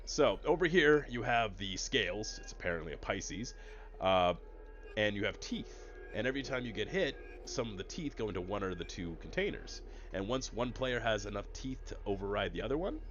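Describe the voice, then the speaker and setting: Over a headset mic, a man streams a card game in casual let's-play style, explaining the rules to his chat. His voice is lowish with a fairly bright tone, though the recording sounds muffled.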